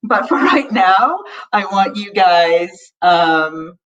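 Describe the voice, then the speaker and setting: A woman's voice: mid-range voice, takes it slowly, a bit bright. Chatty woman coaching, slightly distant and dull. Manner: chatty and upbeat, addresses listeners directly. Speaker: money mindset coach. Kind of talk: live teaching session to an audience.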